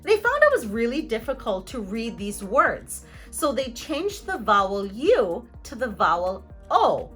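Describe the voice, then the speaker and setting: A woman's voice: a little high, big pitch swings, a little slow, few pauses, fairly bright tone, soft background music. A woman pronunciation teacher explaining sounds in a scripted lesson, with playful jokes and carefully articulated example words.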